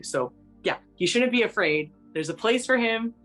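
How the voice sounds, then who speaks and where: A woman working as a psychic medium, talking in a gentle, meandering way full of fillers, with soft music behind her. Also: fairly high pitch, expressive, moderate pace. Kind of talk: casual spoken reading.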